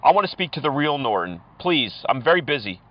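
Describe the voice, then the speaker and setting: A man's voice: mid-range voice, very animated, brisk. A man prank-calling scammers, taunting and insulting them in a mocking tone. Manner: mocking, insulting, laughs at his targets. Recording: muffled lo-fi audio.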